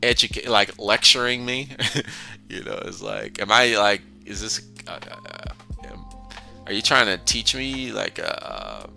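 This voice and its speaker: Here the philosophy discussion host speaks unhurriedly in a fairly low voice, with big pitch swings, vocal fry, and a pushed, bright quality, while faint music sits underneath. It's a casual, rambling monologue marked by restarts and frequent chuckling between thoughts.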